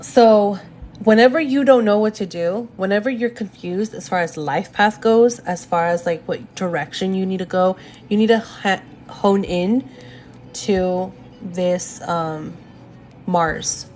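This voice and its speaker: A woman's voice: mid-range voice, measured pace, a little mellow, slight background noise. A young woman doing a live astrology reading from home on her phone, chatty and addressing viewers directly, often going off on tangents. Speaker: astrology reader. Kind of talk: live-stream reading, casual chat.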